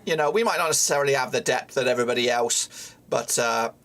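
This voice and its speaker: Gravelly, frustrated football fan. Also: male voice, mid-range voice, fast talker, a bit bright. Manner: frustrated, swears often, talks at the players. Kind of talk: live match watchalong commentary.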